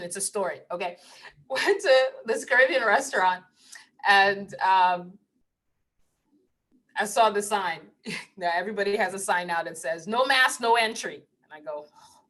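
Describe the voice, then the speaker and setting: A woman's voice: medium pitch, a bit bright. A woman hosting a casual spiritual livestream, laughing often as she tells playful, digressive stories. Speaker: spiritual host.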